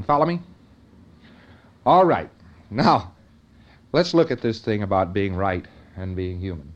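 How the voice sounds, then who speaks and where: A man's voice: on the low side, unhurried. Man lecturing on a dull lo-fi recording. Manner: conversational, often checks in with "see?" and "follow me?". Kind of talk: informal lecture to an audience.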